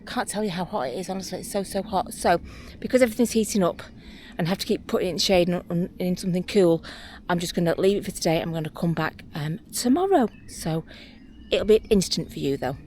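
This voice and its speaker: A woman's voice: on the low side, fast, slight background noise. Chatty woman outdoors. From England. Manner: chatty, rambling, excitable about plants. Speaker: allotment vlogger. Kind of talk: casual chat to camera. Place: outdoor allotment garden. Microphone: clip-on mic.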